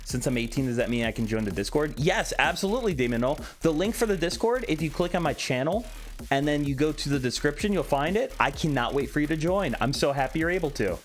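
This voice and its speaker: A man's voice: a little high, animated, fast, a little hiss or hum. A young man casually chatting on a live stream, reading chat aloud with a joking, candid manner. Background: faint background music.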